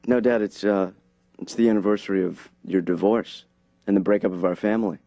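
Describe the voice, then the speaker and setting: A deadpan sardonic grown son. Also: male voice, fairly low pitch, fairly quick, gravelly, no room sound.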